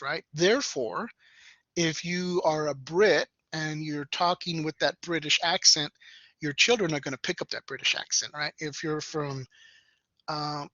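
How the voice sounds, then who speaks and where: A man lecturing a class in a loose, conversational way, peppering his points with "right?". His voice is bright, and the recording is dry and a little dull. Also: on the high side, no echo. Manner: conversational, tags sentences with "right?".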